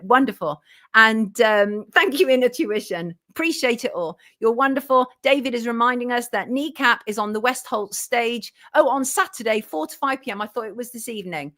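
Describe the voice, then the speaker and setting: A woman hosting a livestream, reading viewer comments aloud and answering them bluntly. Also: a little high. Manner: blunt and self-declared belligerent, thanking viewers warmly. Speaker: journalist and show host.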